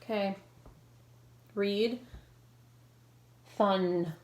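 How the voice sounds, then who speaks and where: A woman's voice: medium pitch, steady tone, drawn-out words, darkish tone, a little hiss or hum. A woman teacher leading a recorded reading lesson for children, prompting syllables and praising each answer.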